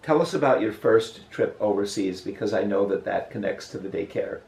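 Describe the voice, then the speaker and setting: An older man interviewing a guest, telling a memory in a halting, storytelling way. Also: on the low side, expressive, vocal fry, darkish tone. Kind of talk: casual reminiscing interview. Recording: roomy echo.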